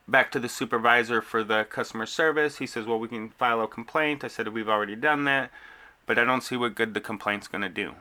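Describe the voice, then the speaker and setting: A man's voice: on the low side, pushed and bright. A man in a casual venting vlog, frustrated, retelling a long back-and-forth with customer service and store staff. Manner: frustrated, retelling conversations with quoted exchanges. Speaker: delivery driver venting to camera.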